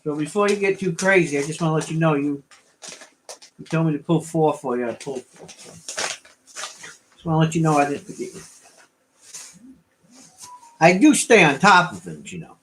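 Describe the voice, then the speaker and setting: A man's voice: a little high, animated, normal speed, pauses often, a little hiss or hum. An older man rambling casually as he hosts a livestream auction and chats with viewers. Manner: rambling, folksy, chatting with viewers.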